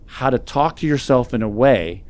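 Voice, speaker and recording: A man's voice: medium pitch, expressive, normal speed, darkish tone, dry recording. A man speaking as a guest, telling a personal story in an earnest, reflective way. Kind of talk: storytelling in conversation.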